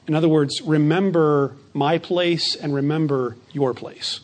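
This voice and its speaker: A man preaching a sermon as pastor, slowing down to stress key phrases and often repeating words as he starts a thought. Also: a little high, steady tone, darkish tone.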